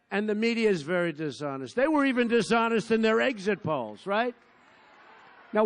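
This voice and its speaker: A man in his seventies speaks in a fairly high register for his age, delivering a loose, digressive campaign rally speech. He brags, repeats his points and bursts into shouts now and then. He is addressing a large outdoor crowd in a field. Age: 70s. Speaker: politician at a rally.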